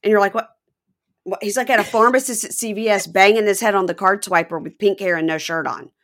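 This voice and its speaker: A woman from the Deep South, co-hosting a podcast and joking through a casual recap. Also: fast. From American Deep South. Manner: animated, joking, lively asides. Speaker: podcast co-host.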